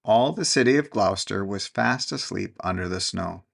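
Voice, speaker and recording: A man reading a classic storybook aloud in a gentle, measured narration. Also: on the low side, lively intonation, vocal fry.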